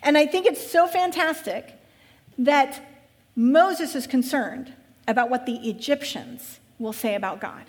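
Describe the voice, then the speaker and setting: High-voiced woman pastor in a reverberant hall. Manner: conversational, with wry humorous asides. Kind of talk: church vision talk. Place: church. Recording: long reverb of a large hall.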